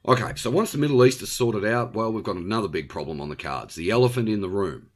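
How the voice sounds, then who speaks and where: A man's voice: lowish voice, lively intonation, fast. Blunt Australian man ranting. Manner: blunt and ranting, with frequent tag questions. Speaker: host. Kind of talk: opinionated monologue.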